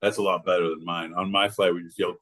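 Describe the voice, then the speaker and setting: A man's voice: sits low, little pitch movement, quick pace, a bit bright. A man co-hosting a podcast, rambling through crude jokes and laughing often in casual banter. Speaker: podcast co-host.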